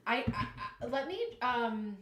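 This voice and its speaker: A woman giving a live tarot reading, earnest and emotional, often halting and restarting. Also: fairly high pitch, fairly bright tone, echoey room, a little hiss or hum. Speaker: tarot reader.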